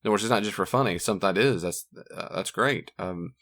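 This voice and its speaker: A man speaking as a marriage counselor in a casual teaching talk, animated and acting out voices of the people he quotes. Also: fairly low pitch, fast talker.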